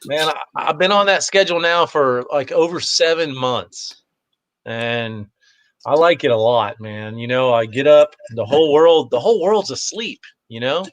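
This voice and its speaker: A man's voice: fairly high pitch, normal speed, dry recording. A man talking as a guest in a casual chat, easygoing and rambling, with lots of fillers. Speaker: guest, competitive shooter.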